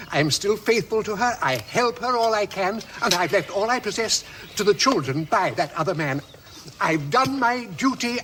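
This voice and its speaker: High-voiced, solemn and stiff earnest gent for a radio play. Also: male voice, sharp tone, slight background noise, full character voice. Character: pompous, earnest middle-aged man, devoted and easily hurt. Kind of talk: radio drama acting.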